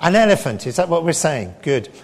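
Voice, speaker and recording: A man's voice: fairly high pitch, very animated, brisk. An English man preaching a sermon, emphatic and sometimes speaking directly to children. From England. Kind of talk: sermon with slides. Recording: long hall reverb.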